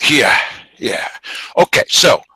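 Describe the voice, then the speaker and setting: Male host, animated storyteller, bright voice, dry studio sound. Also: slow pace, no echo, low-quality recording. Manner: animated storytelling, acts out quotes. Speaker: show host. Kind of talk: casual chat.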